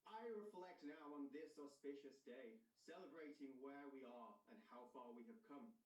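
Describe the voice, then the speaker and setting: Man doing a pompous Roman emperor, mock-solemn stately oratory, mid pitch, echoey and far off, from a video call. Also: normal speed, a little mellow, lightly acted. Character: grandiose mock Roman emperor addressing his people. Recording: roomy, distant video-call audio.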